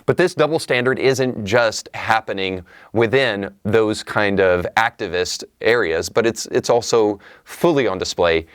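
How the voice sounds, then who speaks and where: Emphatic low-voiced male commentator. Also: a little slow, few pauses, clean tone, no echo, studio quality. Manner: emphatic and sarcastic. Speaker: show host. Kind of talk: opinion commentary monologue.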